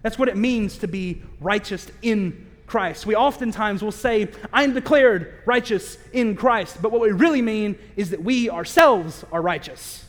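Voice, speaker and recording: High-voiced preacher in a reverberant hall. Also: male voice. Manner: candid, conversational, with self-aware asides; emphatic, slow-stressed key phrases. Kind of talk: sermon. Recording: long reverb of a large hall.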